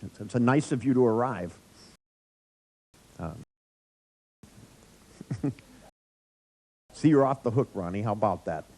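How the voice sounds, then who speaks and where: A man's voice: fairly low pitch, lively intonation, takes it slowly, long pauses, darkish tone. A man leading a live workshop in front of an audience, telling blunt, irreverent stories and laughing often. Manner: joking storyteller, laughs often. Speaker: workshop trainer.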